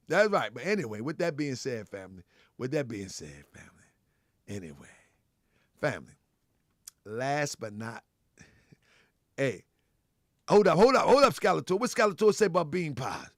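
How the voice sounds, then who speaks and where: A man hosting a live show, loud and animated, laughing often, repeating himself and calling out to his chat and callers. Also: a little high, normal speed, long pauses, no room sound, clean studio sound. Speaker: livestream show host.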